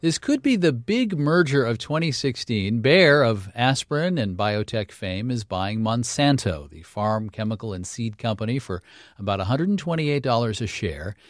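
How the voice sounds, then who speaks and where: A man hosting a radio business news update, with a brisk, wry delivery. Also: medium pitch, very animated, dry recording, clean studio sound. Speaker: news host.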